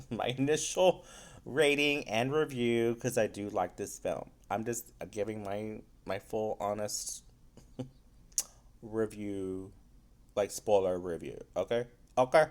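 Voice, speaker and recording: A man's voice: fairly low pitch, slow pace, pauses often. A man giving a casual spoiler review of a film, loose and rambling, with frequent swearing.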